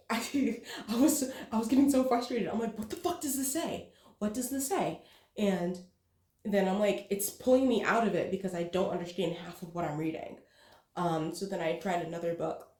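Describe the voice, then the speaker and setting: A woman's voice: fairly low pitch, mellow, reverberant. A woman talking candidly in a casual vlog. She swears freely and fills her speech with "like" and "um". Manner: frank, swears freely, filler-heavy. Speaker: vlogger.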